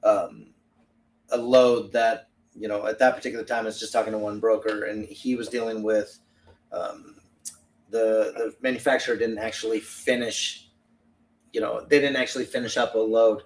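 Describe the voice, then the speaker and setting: A man's voice: fairly low pitch, level tone, moderate pace, a little hiss or hum. A middle-aged man co-hosting a casual podcast, rambling and chatty. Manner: rambling, chatty, reads viewer comments aloud. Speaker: podcast co-host. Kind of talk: casual livestream chat. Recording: distant from the mic.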